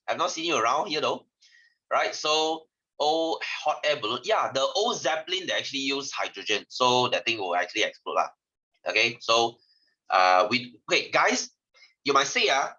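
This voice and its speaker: A Singaporean man tutors science over a video call, his voice very bright and forceful. He jumps up and down in pitch as he chats and teases his students. The audio is dull and lo-fi. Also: big pitch swings, brisk. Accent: Singaporean English. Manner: chatty, teasing students, sentence-final lah. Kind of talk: online class lesson.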